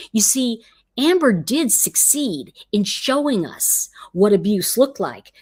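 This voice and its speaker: Animated chatty woman hosting a livestream. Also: mid-range voice, slightly rough. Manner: animated, chatty, many fillers and restarts. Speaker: livestream host reading viewer comments. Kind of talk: casual livestream chat.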